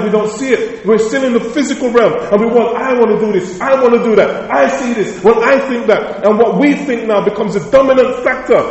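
In an echoey church sanctuary with long reverb, a high-voiced pastor with a darkish tone delivers a sermon. He preaches emphatically, leaning on repetition and rhetorical questions.

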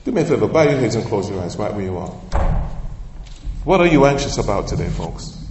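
A man preaching a sermon as pastor, emphatic and calling out for responses, drawing key phrases out slowly and repeating them. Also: lowish voice, big pitch swings, darkish tone, far from the mic, slight background noise. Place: church sanctuary. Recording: echoey church hall, voice from afar.

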